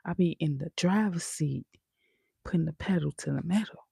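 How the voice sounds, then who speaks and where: Gravelly-voiced woman chatting casually. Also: deep voice, moderate pace, mellow, dry recording, studio quality. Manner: chatty, sassy, laughing asides. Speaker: vlogger. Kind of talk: casual live-stream chat.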